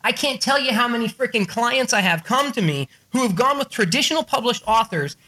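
Bright-voiced man, swearing, storytelling. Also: extremely high pitch, lively intonation, fairly quick. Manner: swears freely, acts out quoted people in a raised voice. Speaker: book business coach speaking to a group. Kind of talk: animated, profane storytelling talk.

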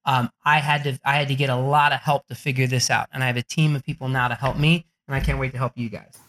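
A middle-aged man, an author and book coach, talking fast and excitably in a podcast interview, swearing and joking as he pitches. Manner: excitable, profane, jokey, salesy. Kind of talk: energetic podcast interview talk.

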